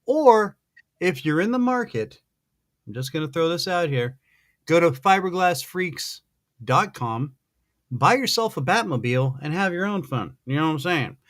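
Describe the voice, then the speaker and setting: A man hosting a podcast, chatting in an excited, rambling way, gushing like a fan over his guest. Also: fairly high pitch, moderate pace, no room sound, studio quality. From American Midwest. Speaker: podcast host. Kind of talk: excited casual interview chat.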